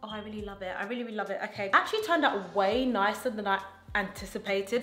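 A chatty woman beauty vlogger talks through her routine in a casual, gushing way, full of excited slang. Her voice sits at an ordinary middle pitch. The sound is roomy and echoey, with faint music underneath. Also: fast. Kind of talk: casual get-ready-with-me chat.

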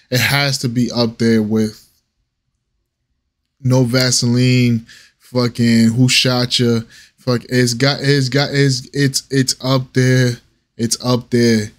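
A man reacts to a track, talking casually and getting excited, tripping over his words as he restarts sentences. His speech is loose and full of slang and swearing, with an ordinary mid-range pitch. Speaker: reaction video host.

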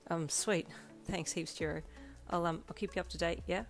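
A woman voicing a moody, excitable teenage student who grumbles and fills her talk with ums and uhs in a fan audio story. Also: lowish voice, moderate pace, creaky, soft background music. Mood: grumpy, eager.

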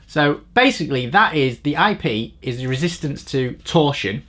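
A man reviewing a bike frame in a crude, rambling, sardonic way, swearing freely and shifting between mumbled asides and louder rants. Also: lively intonation, moderate pace. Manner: swearing, rambling, sardonic, pitch jumps up when ranting. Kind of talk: crude comedic tech review.

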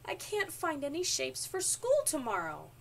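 Woman doing a small worm, high and wavering. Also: wildly swooping pitch, normal speed, gravelly, heavily acted. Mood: tearful. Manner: shifts from weepy to cheering. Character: small young male worm, tearful then excitable. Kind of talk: children's storybook reading. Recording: distant mic, faint background noise.

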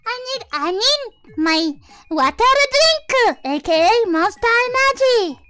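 Young woman, streamer, piercing high voice, bright tone, excitable, swears, faint music behind. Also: slow. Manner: excitable and shrieky, swears, drops Japanese words. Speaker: VTuber streamer. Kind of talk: casual live-stream chat. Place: her room at home.

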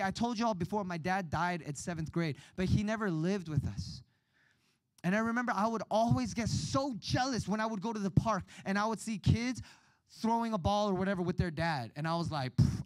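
High-voiced animated man preaching. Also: no room sound, poor audio. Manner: animated storytelling, acts out quoted voices. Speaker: youth retreat speaker. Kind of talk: sermon.

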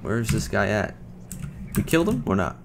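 A young man giving casual, joking commentary over a video game, trash-talking and breaking into loud shouts. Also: fairly low pitch, very animated, normal speed, vocal fry, slight background noise. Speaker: gaming commentator.

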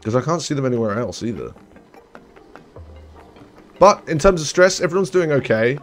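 Over faint background music, a very animated young man talks at a moderate pace as he plays a colony-building game. This gaming streamer's let's-play commentary is casual, chatty and rambling, full of self-corrections, often trailing off low.

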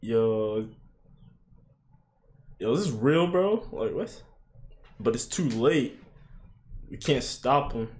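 Excitable young man reacting loudly. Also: takes it slowly, long pauses. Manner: excitable, swearing, frequent "yo" and "bro" exclamations; bursts into laughter and high yelps. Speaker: anime reaction streamer. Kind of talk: casual reaction commentary.

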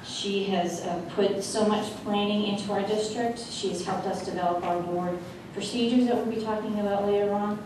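A woman giving a halting tribute speech at a school board meeting, with many fillers. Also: medium pitch, fairly even intonation. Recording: echoey hall, mic from far off, noisy.

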